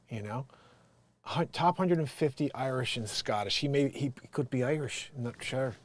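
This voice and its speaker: Rambling man muttering then shouting. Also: medium pitch, normal speed. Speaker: livestream host. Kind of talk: casual livestream commentary.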